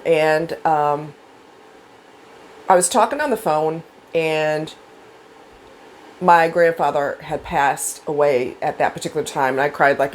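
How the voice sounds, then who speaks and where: A woman's voice: sits low, a little hiss or hum, low-quality recording. A woman vlogger telling personal stories in a chatty, rambling way, acting out voices from her stories. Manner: chatty, rambling, with fillers and animated quoted voices. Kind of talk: casual storytelling.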